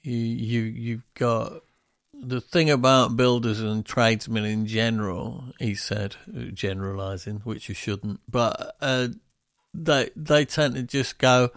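Male co-host, gravelly, dry close sound, rambling storyteller. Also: mid-range voice, fairly even intonation, slow, dry recording. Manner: rambling, acts out builders' questions in raised voices. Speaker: podcast co-host. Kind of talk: casual chat.

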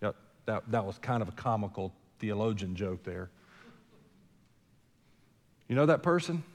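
Folksy pastor preaching in a reverberant church. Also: male voice, fairly low pitch, fairly even intonation, measured pace, a little mellow. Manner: conversational, folksy preaching with rhetorical questions. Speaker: senior pastor. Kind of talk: sermon. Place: church sanctuary.

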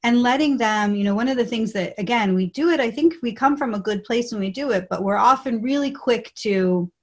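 A woman's voice: a little high, fairly quick. Upbeat woman explaining as an expert guest. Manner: explanatory, upbeat, animated when quoting. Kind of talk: podcast interview.

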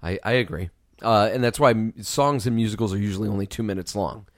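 A man's voice: on the low side, quick pace, no room sound, studio quality. A man co-hosting a casual movie review chat, swearing freely and mimicking characters as he talks. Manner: profane, animated, mimics singing and characters. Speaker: podcast co-host.

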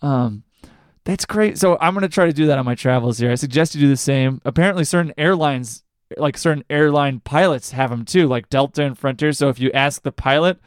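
A young adult man hosts a podcast solo, rambling and poking fun at himself between fillers. His voice sits a bit high for a man, smooth and resonant. He is close on the mic in a dry space. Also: brisk, no echo. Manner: rambling and self-deprecating, lots of fillers. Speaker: podcast host. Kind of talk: casual chat.

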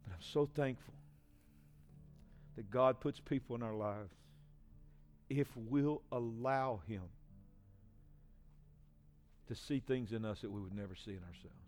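A man in his forties, a pastor, giving an emotional personal testimony in a sermon, swinging from hushed to loud. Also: medium pitch, unhurried, pauses often, faint music behind. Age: 40s.

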